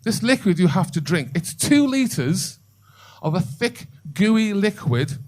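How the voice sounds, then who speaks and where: Animated older male stand-up comic. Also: high-pitched, unhurried. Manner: animated, bawdy storytelling with crowd work. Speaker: stand-up comedian. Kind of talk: stand-up comedy set. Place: comedy club stage.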